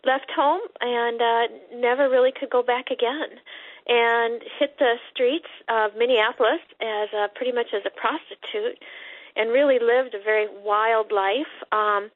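A woman guest on a recovery radio show, telling a personal story over the phone in a halting way with many fillers. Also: fairly high pitch, steady tone, dry recording. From Montana. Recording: tinny phone line.

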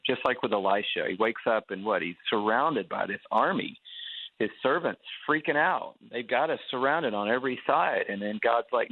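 A man's voice: mid-range voice, normal speed, no room sound. Man preaching over a tinny phone line. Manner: animated, acts out quotes, laughs at himself. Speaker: pastor and guest. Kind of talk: preaching storytelling.

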